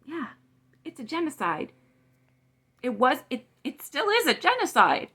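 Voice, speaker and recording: A woman's voice: high voice, wildly swooping pitch, unhurried, fairly bright tone. A woman in her forties delivering a heated political rant to camera, blunt and profane. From Canada. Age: 40s. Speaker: vlogger.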